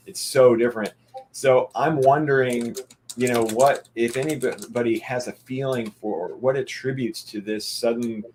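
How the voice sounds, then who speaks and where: A man's voice: fairly low pitch, slight background noise. A middle-aged man in a casual podcast chat, thinking aloud in a musing way with frequent restarts. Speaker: panel guest.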